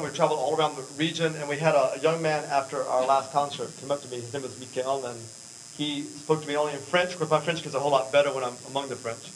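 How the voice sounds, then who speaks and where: A man's voice: mid-range voice, a little hiss or hum, poor audio. Earnest American man at a church talk. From United States. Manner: earnest, rambling, with frequent fillers and restarts. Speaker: mission speaker.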